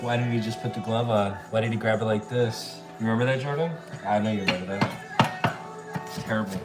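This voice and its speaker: Laid-back man chatting while he cooks. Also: medium pitch. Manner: chatty, laid-back, reads and answers viewer comments, calls people bro and dude. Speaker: chef livestreaming while cooking. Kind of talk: casual live-stream chat while cooking.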